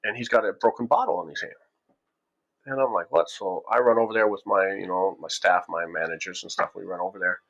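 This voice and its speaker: A man with a fairly low voice tells a story from his own life in a loose, conversational way. He circles back and restarts often and slips into little acted-out quotes of the people involved. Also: fairly even intonation, fairly quick, creaky, a bit bright, dull audio. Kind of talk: casual spoken storytelling.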